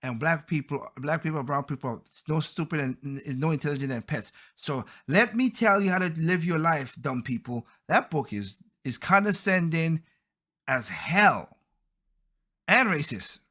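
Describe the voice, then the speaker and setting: A man's voice: a little high, animated, normal speed, pushed and bright. A man hosting a podcast, giving heated, blunt opinion commentary and often stumbling over and repeating his words. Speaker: podcast host.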